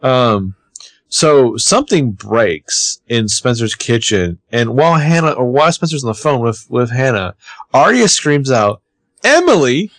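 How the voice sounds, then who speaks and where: A man co-hosting a podcast, recapping a TV episode in casual, animated chat. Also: mid-range voice, a little slow, dry recording. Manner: chatty, animated, swears casually.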